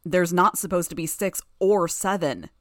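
A woman voicing a menacing teenage boy gang leader who talks in a low, growling, commanding way. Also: fairly quick, no room sound, studio quality, lightly acted. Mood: angry.

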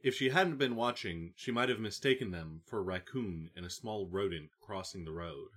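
A man narrating a novel audiobook in a calm, even reading. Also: sits low, normal speed. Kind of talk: scripted narration.

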